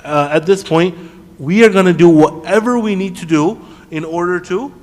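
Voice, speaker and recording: A man with a slightly high voice teaches a class in a mosque hall, and his words ring out in a long reverb. He puts questions to his listeners as he explains. He recites Arabic verses at a quick clip. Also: a little mellow. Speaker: teacher of Quran commentary. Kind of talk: classroom lesson.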